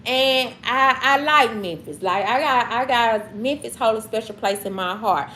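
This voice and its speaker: A woman's voice: a little high, lively intonation, measured pace, a bit bright, a little hiss or hum. A woman from Mississippi with a Southern accent, talking casually and emphatically to her livestream chat, repeating herself for effect. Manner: preachy, repetitive, emphatic. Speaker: livestream host.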